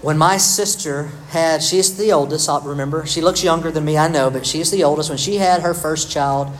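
A middle-aged man delivers a sermon like a chat with friends, poking fun at himself and calling on people in the pews. His voice sits a little high for a man. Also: normal speed, slight background noise, poor audio. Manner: conversational, self-deprecating, addresses the congregation by name. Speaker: pastor.

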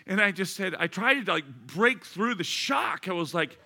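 A man's voice: sits high, normal speed, creaky. A man, a pastor, preaching a sermon and telling a personal story, acting out both sides of the conversation. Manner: animated storyteller, acts out both sides of a dialogue.

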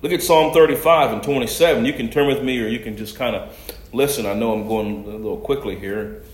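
A man preaching a sermon and reading scripture aloud, swinging from loud, raised passages to soft asides. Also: medium pitch, fairly quick. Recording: echoey room.

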